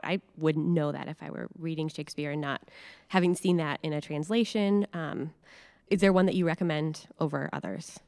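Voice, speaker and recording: A woman hosts a relaxed interview and asks curious, friendly questions. Her voice sits on the low side for a woman. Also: a little fast. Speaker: host. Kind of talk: casual interview.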